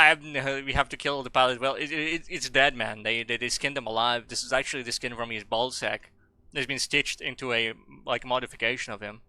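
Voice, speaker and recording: A man streaming a video game live, rambling and joking with profanity, with sudden loud excited bursts. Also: medium pitch, dry recording. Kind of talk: casual live gameplay commentary.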